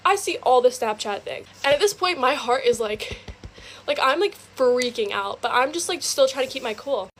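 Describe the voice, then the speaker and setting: A young woman with a high-pitched voice tells a personal story, recorded on a phone with slight background noise. She is chatty and fast, filling her speech with "like".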